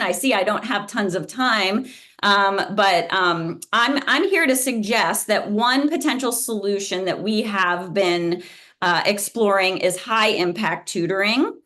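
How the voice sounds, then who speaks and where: This psychology professor, a woman with a mid-range voice that runs a little slow, is the guest at an informal lunchtime video call talk. She tells her stories with animation, restarting sentences many times.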